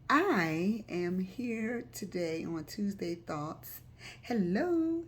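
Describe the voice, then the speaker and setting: A woman's voice: mid-range voice, big pitch swings, drawn-out words. A woman hosting a live stream, talking to viewers in a loose, chatty way and often repeating herself. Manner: chatty, loose, repeats words and uses fillers. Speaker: host of a live talk stream. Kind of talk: casual advice talk to viewers.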